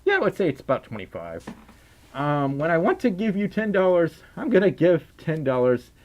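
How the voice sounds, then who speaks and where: A man's voice: fairly high pitch, wildly swooping pitch, moderate pace, highs cut off. A young man casually chatting on a livestream and reading out donations in a rambling, giggly way. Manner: rambling, giggly, easily distracted. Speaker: streamer.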